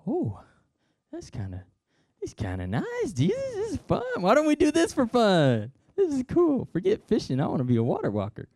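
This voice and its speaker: A man voicing a bold, excitable fisherman disciple who talks eagerly and jumpily in a storybook retelling. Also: high-pitched, a little slow, no echo, clean studio sound, voice pushed up, exaggerated voice. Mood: delighted. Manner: eager, then jittery and awestruck.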